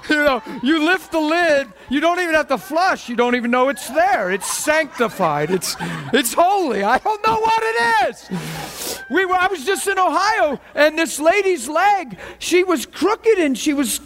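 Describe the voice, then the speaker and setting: A man gives a lively sermon, with a voice that sits high and swings up and down a great deal. He tells stories, laughs often and acts out the voices of the people in them. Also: normal speed, slight background noise. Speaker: preacher. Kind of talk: sermon storytelling.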